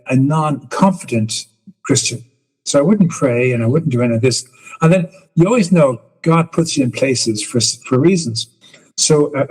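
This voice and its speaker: A man's voice: medium pitch, breathy edge, big-room sound, rough recording. A man hosting an interview in a casual chatty way, often stammering and repeating words as he shares his own story. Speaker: host.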